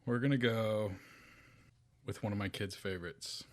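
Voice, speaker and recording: A man, a father, chatting casually on a podcast panel in a relaxed, wry way. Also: on the low side, moderate pace, no room sound.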